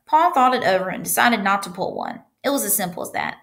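A woman's voice: mid-range voice, fast talker, gravelly. A woman teacher reading a children's chapter book aloud and guiding students through the pages. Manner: animated storytelling with stops to guide the class.

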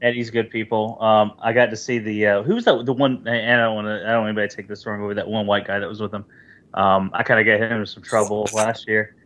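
Fast-talking man on dull lo-fi audio. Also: fairly low pitch, little pitch movement, a bit bright. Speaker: podcast co-host. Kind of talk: casual chat.

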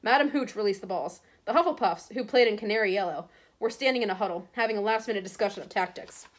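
A woman's voice: medium pitch, fast. Teacher reading a novel aloud to her class. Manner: steady, with small stumbles and self-corrections.

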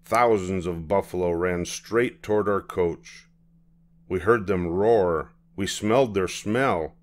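An older man reading a children's picture book aloud, telling the story in an unhurried, measured way. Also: low voice.

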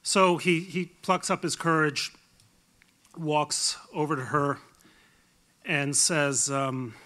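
A man giving a keynote lecture at a dinner, telling an anecdote with many halting fillers. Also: on the high side, fairly even intonation, bright, forceful tone. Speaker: keynote speaker. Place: large dinner hall.

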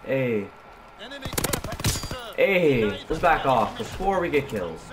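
A man hosting his gaming channel, commenting live on his shooter match in an excitable, slangy way. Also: medium pitch, slow pace, noisy background. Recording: game gunfire behind voice. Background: gunfire and game sounds.

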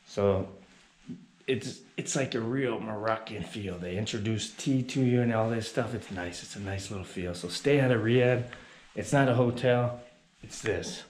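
Walking through busy city streets, a male travel vlogger chats casually and gives viewers tips. His voice is lowish and darkish at a measured pace, and the outdoor street recording is noisy.

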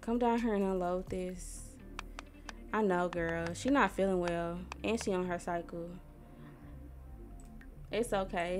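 Her voice sits on the low side, with faint music in the background. A young woman from Missouri, USA, she's a gaming YouTuber giving slangy, chatty commentary on a life-sim game, talking to herself and the characters and quick to lose patience.

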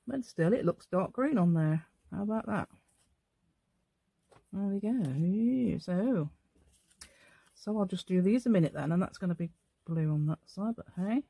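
A woman's voice: lowish voice, expressive, moderate pace, pauses often, warm tone, husky, dry recording. Chatty woman, rambling craft talk. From England. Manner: rambling, chatty, talks to herself while working. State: tired. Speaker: craft channel host. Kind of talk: casual crafting tutorial chat.

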